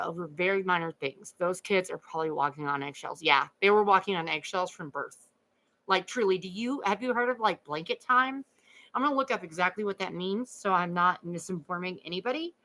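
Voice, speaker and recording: A woman hosting a true crime livestream in a casual chat, speaking earnestly and halting as she repeats words and fills gaps while she thinks. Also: lowish voice, fairly bright tone, rough recording. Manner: earnest, talks with many fillers. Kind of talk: casual livestream chat reading viewer comments.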